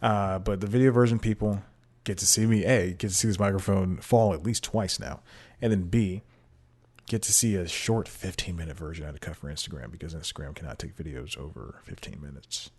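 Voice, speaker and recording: Rambling through a casual monologue on his own podcast, a man with a low voice and fairly even intonation talks a little fast, with a slightly mellow, breathy edge. He's self-deprecating and laughs often. He speaks into a desk microphone in a room at home where a TV is playing.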